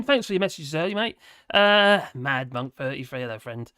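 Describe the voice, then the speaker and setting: A man's voice: mid-range voice, very animated, a little fast, pushed and bright. A man hosting a live stream, chatting casually with a rambling, chuckling, sarcastic manner.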